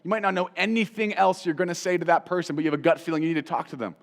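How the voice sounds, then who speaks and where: A man hosting a Christian teaching show, talking in an animated, conversational way, repeating phrases for emphasis and putting direct questions to the listener. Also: a little high, very fast, in a large hall. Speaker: host and Bible teacher.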